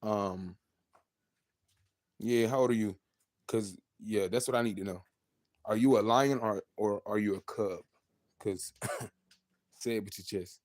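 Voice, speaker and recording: A man in his twenties hosting a casual livestream, talking freely with his viewers, animated and swinging between loud outbursts and mumbled asides. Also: on the low side, unhurried, long pauses. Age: 20s. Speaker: livestream host.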